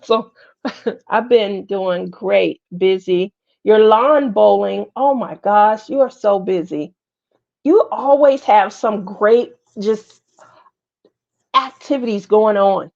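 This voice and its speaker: A woman's voice: medium pitch, a little slow. A middle-aged woman hosting a casual craft livestream, chatting with viewers by name and laughing often. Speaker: livestream host. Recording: slightly muffled livestream audio.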